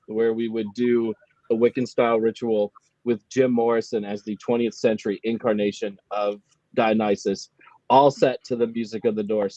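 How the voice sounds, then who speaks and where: A man's voice: mid-range voice, a little mellow, no room sound, highs cut off. A man co-hosting a casual film chat, joking and playfully repeating movie quotes. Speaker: podcast co-host.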